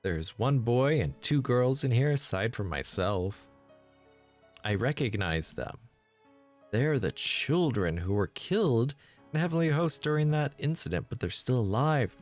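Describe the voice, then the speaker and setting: A man reading the inner thoughts of a frightened, tied-up schoolgirl in a game, his voice rising when she panics. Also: natural voice. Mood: scared. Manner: reads the inner monologue aloud, pitching up when panicked. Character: frightened bound schoolgirl, teenage, helpless. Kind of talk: let's play voice reading.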